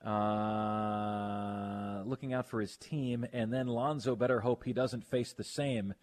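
Radio host guy, talks fast when he gets going, gets loud and high when he protests, reads out texts. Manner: animated, quick to protest, reads listener texts aloud. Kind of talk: casual sports radio chat.

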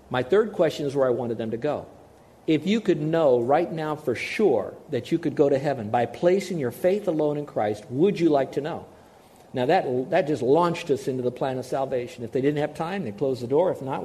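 A pastor preaching a sermon, telling personal stories in a conversational way and asking the audience questions. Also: male voice, medium pitch, fairly quick, dark tone.

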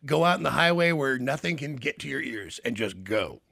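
A man's voice: mid-range voice, lively intonation, moderate pace, creaky, sharp tone, no echo, studio quality. A man hosting a radio show, chatty and enthusiastic, laughing often with his guest. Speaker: radio host. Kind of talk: casual radio interview.

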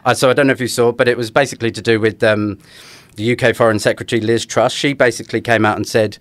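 A man co-hosts a casual podcast and delivers dry jokes at a brisk clip. His voice sits at a middling pitch for a man. The recording is close, with no room sound. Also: steady tone, fairly bright tone, no room sound. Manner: dry, joking, quick delivery. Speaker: podcast co-host. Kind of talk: casual chat.

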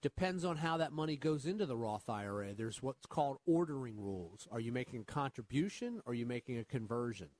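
A man's voice: medium pitch, animated, fast, few pauses, a little mellow. A man co-hosting a finance radio show as an advisor, patiently explaining retirement rules while quizzing his co-host. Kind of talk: radio call-in finance chat.

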